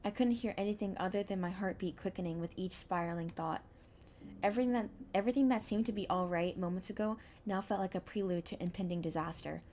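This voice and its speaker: A young woman streamer reading a visual novel aloud, with expressive, anxious narration and small stumbles. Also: mid-range voice, fast, slight background noise.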